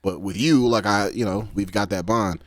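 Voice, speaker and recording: A man's voice: lowish voice, moderate pace, no room sound, clean studio sound. Slangy man co-hosting a podcast. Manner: slangy, profane, animated storytelling. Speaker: podcast co-host. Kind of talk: casual podcast chat.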